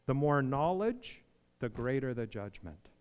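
A pastor with a mid-range, darkish, smooth voice preaches a little slowly, his pitch swinging widely, in a long hall reverb. The sermon starts conversational and turns emphatic, with pleading when he voices others, and he puts questions to his listeners.

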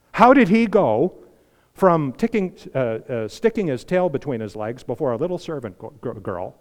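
A man preaching a sermon, fervent, swinging from hushed asides to emphatic exhortation. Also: medium pitch. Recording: long hall reverb.

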